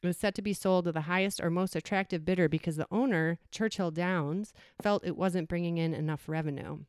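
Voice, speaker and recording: A woman in her forties reading a personal essay aloud in a reflective, measured way. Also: on the low side, a little mellow, clear, resonant tone, dry recording, clean studio sound. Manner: reflective, measured reading with brief acted quotes. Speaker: storyteller.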